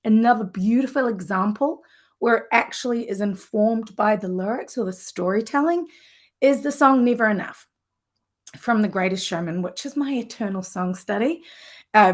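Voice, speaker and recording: A woman vocal coach teaching a live lesson in an enthusiastic, conversational way, with warm asides. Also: mid-range voice, moderate pace.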